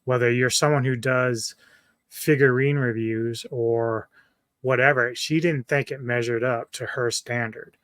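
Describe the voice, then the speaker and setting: A man's voice: medium pitch, steady tone, measured pace, a bit bright, dry recording. Profane ranting man, dry close sound. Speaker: commentary YouTuber. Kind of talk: reaction video rant.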